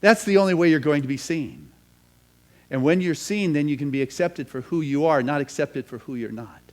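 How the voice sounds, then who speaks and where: A man, a minister, preaching a sermon and telling a parable as a story, moving from hushed passages to emphatic ones. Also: a little high, a little fast.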